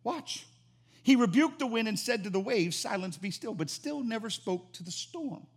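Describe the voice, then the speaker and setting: A man preaching a sermon as pastor, animated and emphatic, repeating phrases for emphasis. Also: extremely high pitch, moderate pace, breathy edge.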